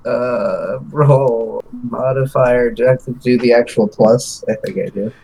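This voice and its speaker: A man's voice: mid-range voice, fairly even intonation, measured pace, mellow, slightly rough, low-quality recording. A man playing a tabletop role-playing game, chatting casually with frequent fillers. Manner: casual, laughing, filler-heavy. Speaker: player.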